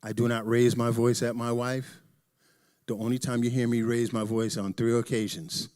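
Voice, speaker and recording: A middle-aged man speaks frankly to a church audience, joking one moment and dropping to a quiet aside the next. His voice sits at an ordinary middle pitch, and he pushes it loud for emphasis. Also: flat delivery, moderate pace. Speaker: church presenter. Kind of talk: candid talk to a church audience.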